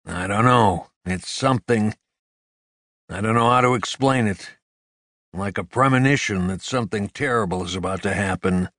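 A man's voice: on the low side, moderate pace, a bit bright, no echo, clean studio sound. A male audiobook narrator voicing a weary, haunted man who speaks hesitantly, searching for his words. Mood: troubled. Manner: hesitant, tired. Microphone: close studio mic.

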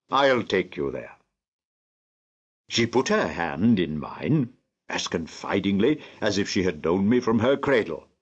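An older man from England narrates a classic novel in a slow, deliberate, measured way. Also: low-pitched, husky, highs cut off. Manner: slow, deliberate, lively phrasing. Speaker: audiobook narrator.

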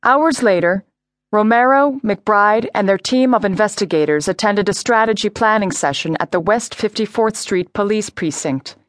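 A woman narrating a crime story audiobook in a clear, measured reading voice. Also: medium pitch, no room sound, clean studio sound. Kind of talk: scripted narration.

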